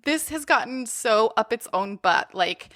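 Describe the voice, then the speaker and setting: A woman co-hosting a rewatch podcast, telling the plot with animated exasperation. Her voice sits high and bright. The sound is dry and close. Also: a little slow, no echo. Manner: animated, exasperated storytelling with frequent laughs. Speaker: podcast co-host. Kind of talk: casual movie recap chat.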